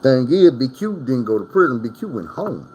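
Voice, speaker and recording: A man tells stories straight to the camera in a loose, rambling way, cursing freely. His pitch sits in the middle range for a man, neither deep nor high. He drifts from tale to tale as if talking to friends. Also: big pitch swings, normal speed, slightly rough, muffled recording. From Arkansas. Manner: profane, rambling, conversational. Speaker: storyteller recounting prison stories. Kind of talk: casual storytime monologue.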